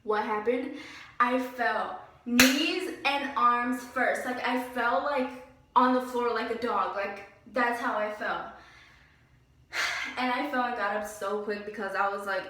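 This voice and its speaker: A young woman telling a story in a casual vlog, animated and exasperated, full of "like"s and sighs. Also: a little high, a little slow, far from the mic. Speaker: vlogger. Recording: very echoey room, voice away from mic.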